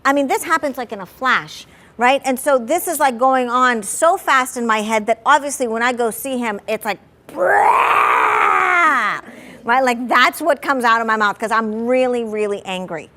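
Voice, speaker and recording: Woman, family therapist, candid parenting talk, slightly high voice, animated, many fillers. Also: moderate pace. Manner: animated, fillers of "like", dramatizes her own anger.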